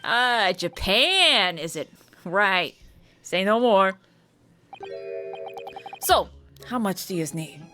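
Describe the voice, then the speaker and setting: A woman's voice: medium pitch, very animated, slow pace, pauses often, bright, forceful tone, faint music behind, heavily acted. A woman voicing a shady old male mobster with a put-on New York accent, slangy and wheedling, in a game let's play.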